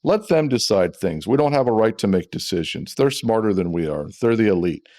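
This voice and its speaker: Emphatic low-voiced man, podcast guest. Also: expressive, fairly quick, a little mellow. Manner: emphatic, repeats words when fired up. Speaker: ex-CIA officer, guest expert. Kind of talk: podcast interview.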